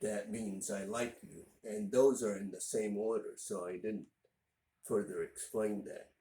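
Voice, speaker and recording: A man from northern Indiana talks through a casual language lesson, explaining things patiently and stopping often to gather his words. His voice sits a little low and he takes his time. The room around him rings with echo. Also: fairly even intonation, mellow, a little hiss or hum. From northern Indiana, USA. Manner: unhurried and explanatory, with frequent "uh" pauses. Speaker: language teacher.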